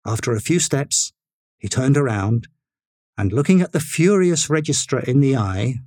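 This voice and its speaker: A man narrating a story in a measured, expressive reading style. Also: mid-range voice, no echo, studio quality.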